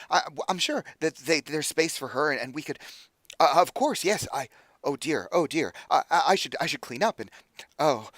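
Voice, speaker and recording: A man's voice: mid-range voice, fairly bright tone, no echo, lightly acted. A man voicing a flustered, eager recluse who stammers and trips over his words.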